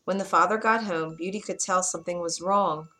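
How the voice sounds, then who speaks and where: Woman, storyteller, low-pitched, clear, measured, children's storybook reading. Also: fairly even intonation, sharp tone. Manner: clear, measured read-aloud.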